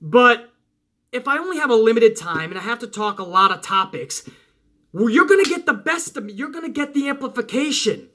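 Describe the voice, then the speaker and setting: A man hosting a wrestling channel, talking loud and half-yelling in a profane, confrontational rant to his viewers. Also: very high voice, animated, a little fast. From Italian-American household.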